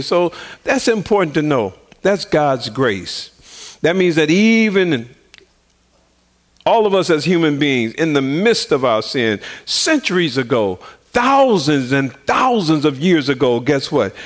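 A man preaching on the radio, telling personal stories in an animated way and often laughing. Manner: animated, laughs often, swings pitch widely.

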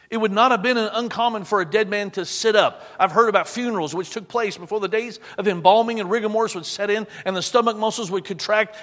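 A male preacher giving a dramatic sermon, dropping to a hush on quoted words. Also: high-pitched, big-room sound.

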